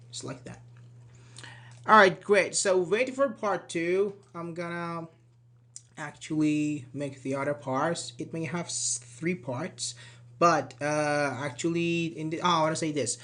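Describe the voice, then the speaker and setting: A man's voice: fairly high pitch, measured pace, fairly bright tone. A man teaching grammar online, explaining tag questions and repeating example sentences to show the intonation. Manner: explanatory, repeats examples with rising and falling tones. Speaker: English teacher.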